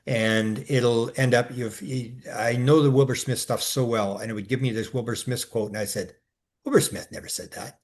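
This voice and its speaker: In a casual discussion, a male co-host speaks in long, rambling stretches packed with restarts and filler sounds, getting animated as he recounts his exchanges. His voice sits in the mid range, at a moderate pace with few pauses.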